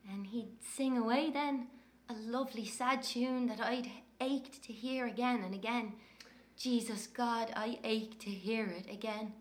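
An actress voicing a blunt, sharp-tongued Irish woman who narrates her childhood with an earthy, cursing manner. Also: on the high side, steady tone, lightly acted. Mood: candid, wry. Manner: brisk, earthy storytelling with cursing. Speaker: narrator recalling her twin brother. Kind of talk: dramatic first-person narration.

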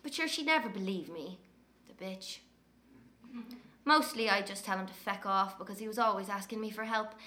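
An actress voicing a blunt, sharp-tongued Irish woman who narrates her childhood with an earthy, cursing manner. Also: mid-range voice, a little hiss or hum, natural voice. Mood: candid, wry. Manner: brisk, earthy storytelling with cursing. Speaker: narrator recalling her twin brother. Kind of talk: dramatic first-person narration.

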